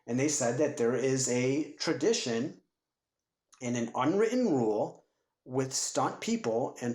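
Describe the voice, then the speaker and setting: A man co-hosting a casual movie podcast, retelling scenes with lively acted-out quotes. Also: medium pitch. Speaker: podcast co-host. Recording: roomy echo.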